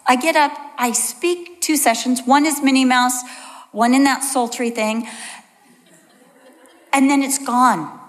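A middle-aged woman, a Bible teacher, giving a conversational sermon to an audience and telling stories in a chatty, animated way. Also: high-pitched, takes it slowly, pauses often. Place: large hall before an audience. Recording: long reverb of a large hall.

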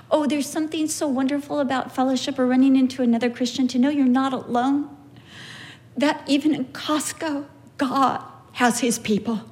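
A middle-aged woman with a high, light voice gives a Bible talk. She keeps it chatty and tells stories with energy, slipping into the voices of the people she describes. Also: moderate pace. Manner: animated storytelling, acts out quoted people. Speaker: Bible teacher. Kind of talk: conversational Bible teaching with anecdotes.

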